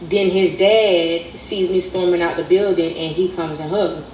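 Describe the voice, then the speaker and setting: A woman's voice: fairly low pitch, fairly even intonation, moderate pace, darkish tone, far from the mic, a little hiss or hum. Young Southern woman telling a story. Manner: conversational, retells dialogue. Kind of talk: storytime narration. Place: played clip inside a reaction video. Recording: echoey clip heard from afar.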